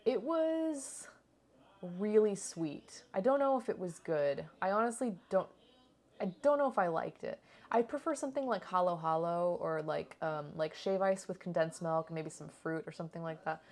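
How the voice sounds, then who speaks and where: Lower-pitched woman, easygoing travel-vlog voice-over, rambling and unfiltered. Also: animated, normal speed, a little mellow. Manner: chatty and rambling, swears and laughs often. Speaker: cooking channel vlogger.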